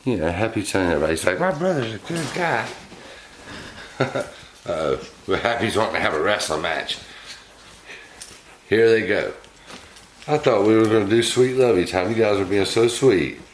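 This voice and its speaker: A man's voice: low-pitched, a little fast, roomy sound, slight background noise. A man hosting a casual pet vlog from his home, chatting to his pets in a doting, chuckly way. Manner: doting, chuckling, softens to cooing. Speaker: pet owner and channel host.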